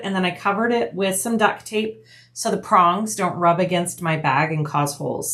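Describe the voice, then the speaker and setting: A woman's voice: mid-range voice, fairly bright tone. A woman hosting a bag-making tutorial, chatting casually as she explains each step while she works.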